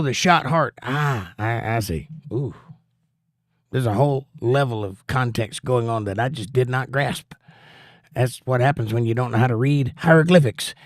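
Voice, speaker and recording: Laid-back middle-aged man hosting a live chat show, folksy and unhurried, dry close-miked sound. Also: medium pitch, dry recording. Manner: easygoing, folksy, reads chat aloud. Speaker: livestream host. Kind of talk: casual chat reading viewer comments.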